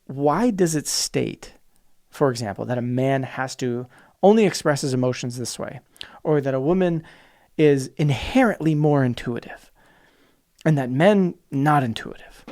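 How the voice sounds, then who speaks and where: A man's voice: medium pitch, lively intonation, measured pace, a little mellow. A man hosting a podcast alone, talking passionately and emphatically, sometimes mimicking opposing views in mocking voices. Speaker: podcast host. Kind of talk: solo podcast monologue.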